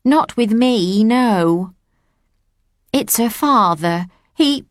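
A woman's voice: a little high, lively intonation, extremely slow, no room sound, pitched above the performer's own voice. A woman voicing a worried, tearful mother of about forty, pleading and close to tears in an audiobook story.

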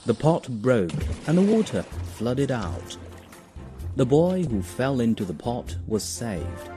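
A man narrating a children's story in an expressive storytelling manner. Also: medium pitch. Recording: music behind.

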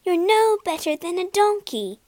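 A woman's voice: very high-pitched, sing-song, moderate pace, a little mellow, no room sound, studio quality, voice pushed up. A woman voicing a mysterious female fairy who warns and scolds a puppet in a storybook. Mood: scolding. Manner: scolding, warning.

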